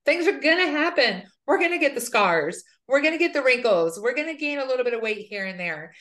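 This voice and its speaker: A woman's voice: high-pitched, expressive, a little fast, fairly bright tone. Woman podcast host, candid and relatable. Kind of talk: casual chat.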